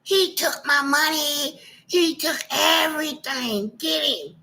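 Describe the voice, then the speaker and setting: A man's voice: slow, gravelly, bright, forceful tone, heavily acted. A man putting on the voice of an angry woman hollering for help in his story. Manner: shrill, hollering.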